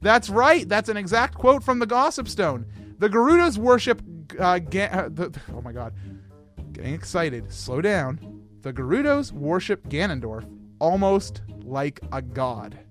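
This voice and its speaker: A man hosting a casual livestream discussion about a game, excitable and rambling, often laughing at himself. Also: sits high, measured pace, soft background music. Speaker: host.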